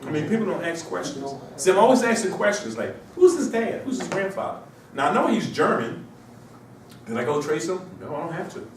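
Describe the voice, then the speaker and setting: A man's voice: a little high, expressive, a little fast, a little hiss or hum. A man with a cold lecturing to a class, rambling and firing off rhetorical questions. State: has a cold. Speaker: instructor. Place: university classroom. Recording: echoey classroom, from far off.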